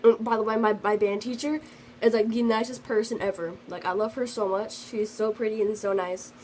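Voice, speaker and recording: A woman's voice: on the high side, steady tone, brisk, darkish tone, slight background noise, rough recording. A teenage girl telling a story in a casual vlog, rambling with lots of fillers and restarts. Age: teens. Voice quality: sensitive, earnest storytelling. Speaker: vlogger.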